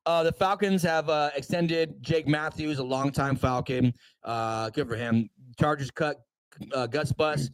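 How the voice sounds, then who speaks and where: A man co-hosting a casual sports livestream, rattling through news items with quick offhand asides. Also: fairly high pitch, no echo, low-quality recording. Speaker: podcast co-host.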